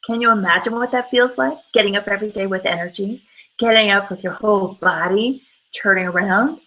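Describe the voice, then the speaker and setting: A woman's voice: medium pitch, creaky, pushed and bright, poor audio. A woman giving a motivational talk, emphatic and full of rhetorical questions. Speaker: motivational speaker.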